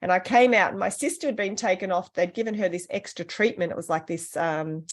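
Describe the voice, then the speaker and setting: A woman, co-hosting a podcast and telling a personal story in a casual, animated way. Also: on the low side, a little fast. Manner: animated, acts out the voices of people in her stories. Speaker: podcast co-host.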